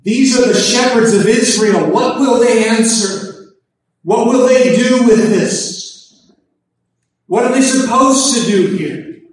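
Man, pastor, sermon, emphatic, repetitive, far from mic, heavy echo. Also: high-pitched. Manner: emphatic, repeats key phrases. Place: church service. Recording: echoey, distant church recording.

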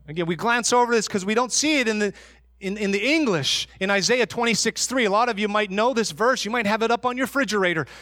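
A man preaching a sermon as pastor, emphatic, and slowing down on key words. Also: sits high, pushed and bright, no echo, studio quality. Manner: emphatic preaching, slows for stress.

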